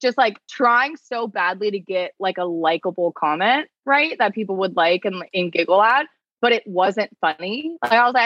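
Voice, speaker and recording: Woman, podcast guest, animated storyteller, slightly dull recording, dry sound. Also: medium pitch, dry recording. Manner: fast, animated storytelling full of "like". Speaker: attorney and content creator, podcast guest. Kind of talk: casual podcast chat.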